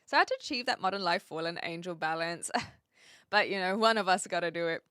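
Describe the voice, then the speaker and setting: A woman's voice: on the low side, fast, fairly bright tone, smooth, dry recording, studio quality. A young woman hosting a casual livestream, chatting, laughing often and greeting viewers by name. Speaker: livestream host. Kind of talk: casual livestream chat, reading viewer comments.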